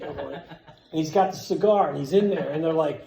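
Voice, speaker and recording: A man tells a story in a loose, animated way, swearing often and acting out the lines of the people in it. His voice sits a little high. The sound echoes around the room he is in. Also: moderate pace, vocal fry, crowd noise. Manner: animated, profane, acts out quotes loudly. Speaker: storyteller at a skate event. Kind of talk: casual storytelling.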